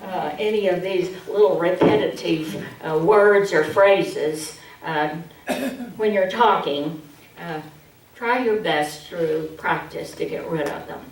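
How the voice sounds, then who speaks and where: A female trainer leads a public speaking session in a big hall, playfully acting out bad habits and using plenty of "uh" fillers. She speaks slowly in a lowish voice, captured from far off with echo.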